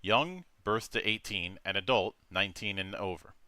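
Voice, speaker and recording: A man's voice: fairly low pitch, normal speed, bright, forceful tone, no room sound. A man hosting a tabletop game stream, reading rules with many fillers and restarts. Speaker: game master.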